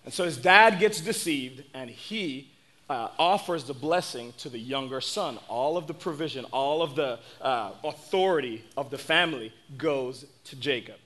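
A man's voice: mid-range voice, moderate pace. A man preaching a sermon, retelling a Bible story in casual words and speaking earnestly and directly to his listeners. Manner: animated storyteller, acts out the characters; earnest, direct address to the audience.

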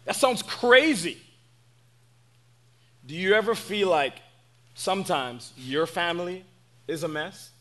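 A man's voice: high-pitched, slow, pauses often. A man preaching a sermon, retelling a Bible story in casual words and speaking earnestly and directly to his listeners. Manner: animated storyteller, acts out the characters; earnest, direct address to the audience.

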